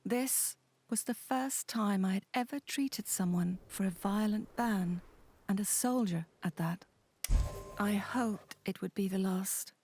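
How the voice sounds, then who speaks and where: A woman giving calm, reflective first-person narration for a story game. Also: mid-range voice, slow. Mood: weary. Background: soft game music.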